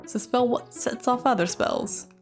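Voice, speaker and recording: A woman's voice: a little high, normal speed, gravelly, darkish tone, soft background music, pitched above the performer's own voice. A woman voicing a chatty old male cave hermit who rambles in folksy dialect grammar, reading his lines in a put-on accent. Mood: cheery rambling.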